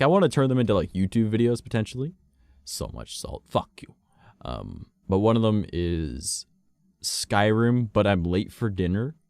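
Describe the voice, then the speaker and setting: A man chats loosely with his stream audience, drifting from idea to idea and swearing freely. His voice sits low and gravelly, yet it swings widely in pitch. The sound is dry and close, with no room echo. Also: darkish tone. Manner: rambling, sprinkled with swearing and laughs. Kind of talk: casual chat to stream viewers.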